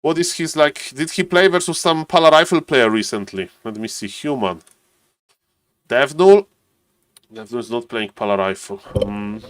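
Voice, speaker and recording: Expressive and medium-pitched, a male streamer and caster keeps up casual chatter at normal speed while a match is pending. He says hello to viewers by name and thinks aloud, with no room sound in the audio.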